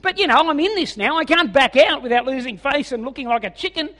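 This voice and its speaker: A man's voice: very high voice, lively intonation, fast talker, sharp tone, big-room sound. An Australian man in his forties preaching a sermon as a humorous, self-mocking storyteller. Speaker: evangelist preacher.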